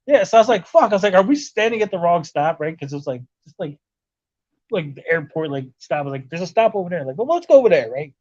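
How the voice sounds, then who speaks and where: A man's voice: on the high side, animated, quick pace. A man telling a long travel story in casual chat, swearing often and filling his talk with "like" and "right?". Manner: rambling, profane storytelling with lots of "like" and "right?". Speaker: podcast host. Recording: lo-fi muffled audio.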